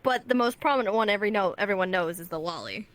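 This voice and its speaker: A woman's voice: medium pitch, animated, fast talker, no echo. A woman chatting as an interview guest, laughing often, her voice strained from long use. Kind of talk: casual interview chat.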